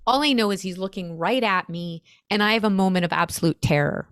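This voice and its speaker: A woman's voice: medium pitch, brisk, no echo, clean studio sound. Earnest American woman telling a story. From United States. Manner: earnest, animated, emotional retelling. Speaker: storyteller guest. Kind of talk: conversational storytelling.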